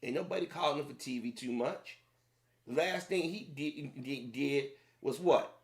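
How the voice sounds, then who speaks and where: A man's voice: mid-range voice, moderate pace. A man giving a heated opinion rant, repeating himself and speaking straight to his audience. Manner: heated, repetitive, addressing the audience directly. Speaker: commentator.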